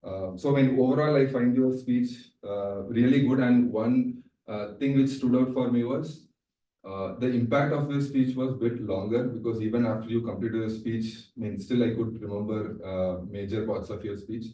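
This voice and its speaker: A man's voice: mid-range voice, steady tone, normal speed, warm tone, lo-fi sound. A man giving a club speech evaluation, hesitant, with many fillers. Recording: echoey room, distant mic.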